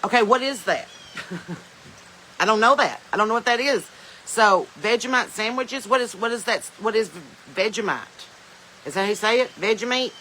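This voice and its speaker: A woman's voice: fairly high pitch, animated, normal speed, long pauses, bright, forceful tone, a little hiss or hum, low-quality recording. A woman with a Southern US accent hosting a casual live stream from her phone, rambling, laughing often and reading viewer comments aloud. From Southern United States. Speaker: podcast host. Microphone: smartphone.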